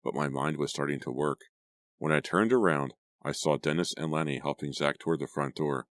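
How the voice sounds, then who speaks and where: Deep-voiced male narrator, steady read, dry booth sound. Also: a little fast, dry recording. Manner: steady storytelling, first-person read. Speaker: audiobook narrator. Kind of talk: scripted narration.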